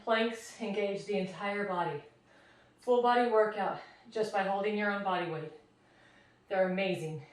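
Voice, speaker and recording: A woman's voice: medium pitch, normal speed. A woman fitness instructor, out of breath, coaching a home workout, counting reps aloud and encouraging the listener. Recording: very echoey room, mic far off.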